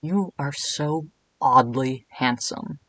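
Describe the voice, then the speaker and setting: A man doing an impression of an actor playing a flirty, seductive cat king, speaking low, soft and slow. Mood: sultry.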